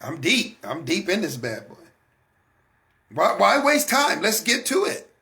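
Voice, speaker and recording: Gravelly, bright-voiced man musing aloud. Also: high voice, wildly swooping pitch, unhurried. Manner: conversational, asks the audience rhetorical questions; repeats and restarts words. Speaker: host of a faith talk broadcast. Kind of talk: casual spoken monologue.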